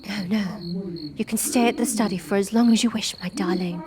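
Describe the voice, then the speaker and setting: A woman's voice: on the high side, normal speed, a crowd in the background, pitched above the performer's own voice, close to an everyday voice. A woman voicing a frantic, caring older woman who gives urgent, breathless, whispered orders. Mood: hushed urgent.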